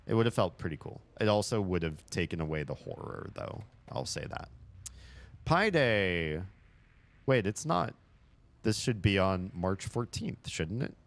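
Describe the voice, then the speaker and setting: Low-voiced man in casual game commentary. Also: sing-song, measured pace. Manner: chatty, swears freely, laughs at his own jokes. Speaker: streamer playing a horror game. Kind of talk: casual let's-play commentary.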